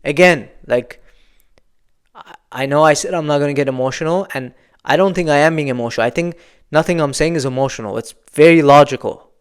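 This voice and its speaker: A young man delivers a solo football reaction rant, emphatic and repetitive as he vents his frustration. His voice sits a bit high and comes through smooth and clear. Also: a little fast. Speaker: football channel host.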